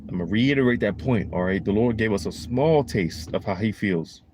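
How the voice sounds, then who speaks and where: A man talks through a loose, sermon-like monologue, slangy and emphatic, circling back over his points. His voice sits on the low side. Faint background noise runs underneath. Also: brisk, darkish tone. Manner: rambling, emphatic, slangy, repeats "man" and "you know". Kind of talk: casual preaching monologue.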